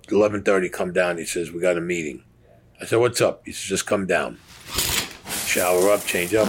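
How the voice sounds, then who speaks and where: A man's voice: deep voice, a bit bright, a little hiss or hum. A man telling blunt, profane stories from his past as an interviewee, acting out the voices of the people he quotes. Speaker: interviewee recounting mob stories. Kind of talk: casual storytelling.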